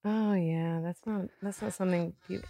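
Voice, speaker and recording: A woman's voice: on the low side, fairly even intonation, mellow, no echo. A woman in her thirties co-hosting a podcast from bed at home, chatting and teasing her partner. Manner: playful, teasing, quick asides. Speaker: podcast co-host. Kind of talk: casual chat.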